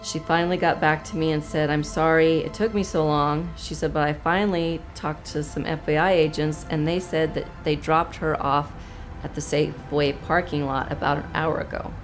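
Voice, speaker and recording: A woman recounting events in an interview, matter-of-fact and steady. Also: low-pitched, normal speed, soft background music, low-quality recording. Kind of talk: interview recollection.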